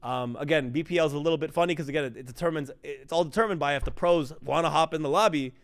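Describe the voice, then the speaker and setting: A man's voice: fairly high pitch, rapid-fire. A man casting a live esports stream, rambling and joking while talking to chat. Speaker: esports caster.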